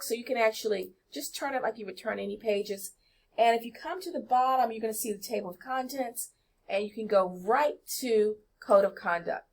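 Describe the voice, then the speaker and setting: A woman, walking students through college rules in an emphatic, chatty lesson that speaks to them directly. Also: fairly high pitch. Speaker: college orientation presenter. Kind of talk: screen-share walkthrough lesson.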